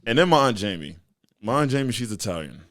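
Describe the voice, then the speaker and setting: Teasing, lively-voiced male podcast host. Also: medium pitch, quick pace. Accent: Texan. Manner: joking, teasing, laughs often. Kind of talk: casual chat.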